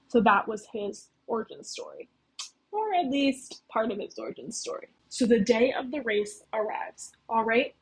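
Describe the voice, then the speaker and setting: A young woman with a slightly high, breathy voice talks through a game's plot like she is telling a friend. She peppers her sentences with "like" and checks in with "okay?" as she goes. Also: animated, normal speed, rough recording. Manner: chatty, fills talk with "like" and "okay?". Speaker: video essayist recapping a game's story. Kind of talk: casual story recap.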